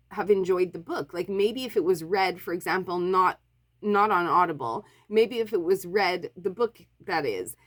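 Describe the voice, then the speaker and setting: A woman from Montreal, a book vlogger, chatting casually to camera and apologizing often, with lots of fillers and restarts. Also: medium pitch. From Montreal, Canada.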